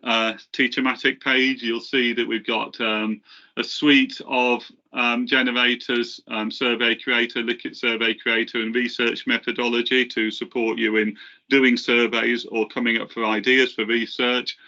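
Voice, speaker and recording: A man presenting software in a webinar, talking casually with frequent fillers and restarts. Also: medium pitch, level tone, lo-fi sound. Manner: halting, many fillers and restarts.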